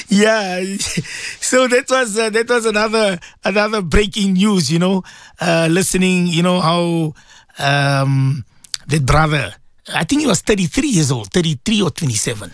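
A man hosting a casual radio talk show as a Muslim cleric, rambling and repeating words with sudden jumps in pitch. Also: lively intonation, normal speed, dry recording.

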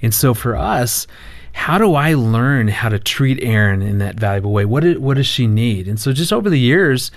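A middle-aged man, a marriage counselor guest, telling a family story in casual talk, animated with halting restarts. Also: mid-range voice.

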